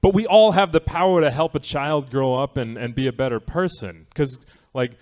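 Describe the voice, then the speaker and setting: Wry male stand-up comic, mid-pitched voice. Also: moderate pace. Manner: conversational, wry, asks the audience "right?". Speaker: stand-up comedian. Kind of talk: stand-up comedy set. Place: comedy theatre stage.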